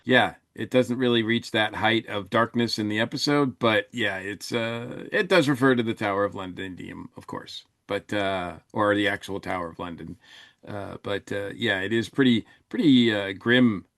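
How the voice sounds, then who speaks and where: A podcast co-host chats casually, rambling along with plenty of fillers and restarts. His voice sits on the low side at a moderate pace, fairly bright in tone, captured in a dry, studio-quality recording.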